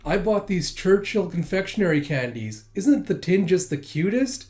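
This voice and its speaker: A man's voice: sits high, expressive, moderate pace, darkish tone, voice pushed up. A man voicing a prim, rich little schoolgirl who chirps as she shows off. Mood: chirpy.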